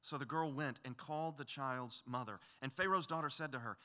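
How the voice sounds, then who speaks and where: A man's voice: mid-range voice, brisk, sharp tone. A man preaching an expository sermon as pastor, earnest and pleading, building to emphatic peaks.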